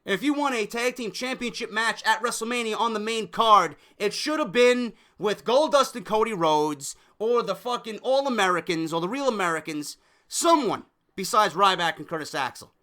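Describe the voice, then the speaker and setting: A young man rants through a wrestling show review, swearing constantly and sounding fed up. His voice sits high and comes across bright and forceful. He talks like a frustrated fan venting to his viewers. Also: lively intonation, normal speed. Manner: frustrated, profane, ranting. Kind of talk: heated solo review rant.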